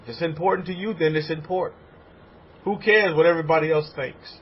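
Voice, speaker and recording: A man preaching a sermon as a rabbi, animated and repetitive. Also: on the high side, fairly quick, husky, highs cut off. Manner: animated preaching, acts out congregants' voices.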